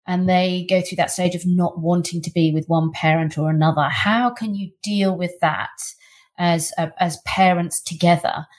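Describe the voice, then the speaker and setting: Low-voiced woman host, thoughtful. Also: fairly even intonation, normal speed. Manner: thoughtful, with small hesitations. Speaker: podcast host. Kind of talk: podcast interview.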